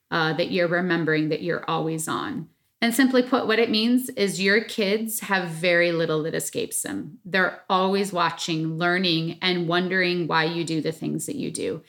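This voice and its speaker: A woman co-hosting a casual podcast chat, talking earnestly and with emphasis, often pausing on fillers. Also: lowish voice, a bit bright. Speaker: podcast co-host.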